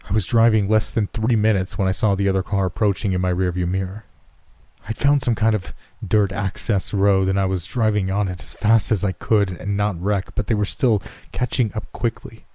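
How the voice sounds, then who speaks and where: A man narrating a first-person horror story in a measured, tense storytelling manner. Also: lowish voice, fairly even intonation, mellow, no echo.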